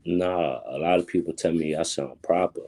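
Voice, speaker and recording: Teen male interviewee, New Orleans accent, very low husky voice, laid-back short answers. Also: normal speed, warm tone. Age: teens. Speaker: basketball recruit.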